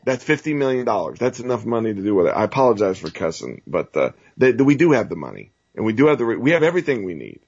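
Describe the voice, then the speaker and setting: A man's voice: fairly low pitch, big pitch swings, fast talker, gravelly, few pauses, a little mellow, slightly rough, muffled recording. A man hosting a talk show, ranting heatedly about politics with stammering restarts. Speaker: host.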